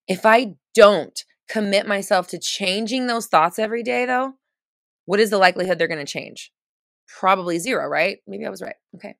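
A woman's voice: mid-range voice, normal speed, gravelly, a bit bright, dry recording, clean studio sound. A woman giving casual, chatty coaching on a live stream, full of fillers and restarts, stressing points by repeating phrases.

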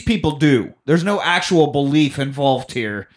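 A man co-hosting a podcast, casually and profanely retelling a film's plot, dropping quick voices for the characters. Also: on the high side, expressive. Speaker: podcast co-host. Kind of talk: casual movie-recap chat.

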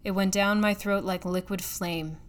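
A woman narrating a classic story in a steady, measured reading. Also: medium pitch. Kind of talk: audiobook narration.

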